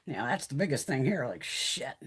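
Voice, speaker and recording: Husky woman telling stories with lots of swearing. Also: rumbling low, big pitch swings, brisk. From Connecticut. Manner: profane, rambling storytelling. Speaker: live stream host. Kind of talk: casual chat. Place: home by a wood stove. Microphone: phone.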